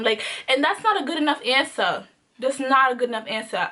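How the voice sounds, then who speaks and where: A woman's voice: fairly high pitch, normal speed, sharp tone. A young woman vlogger telling a personal story in a candid, emphatic way, repeating phrases for emphasis. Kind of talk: casual storytime monologue.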